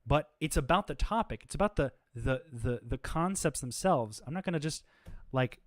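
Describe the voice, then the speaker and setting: A man with a mid-range, expressive voice speaks at normal speed, recorded clean in a studio with no room sound. He's hosting a livestream and rants off the cuff, exasperated and confrontational, saying he's exhausted. His talk is full of fillers and restarts.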